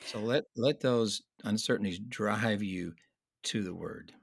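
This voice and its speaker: A man teaching in a conversational Bible study discussion, earnest and explanatory, slowing down to stress key points. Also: on the low side, creaky, husky, dry recording, studio quality.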